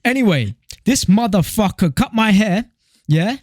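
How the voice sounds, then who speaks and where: Animated young British man who swears a lot. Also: high-pitched, unhurried, no room sound, studio quality. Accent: British English. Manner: animated storyteller, swears freely. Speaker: podcast co-host. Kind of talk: casual chat.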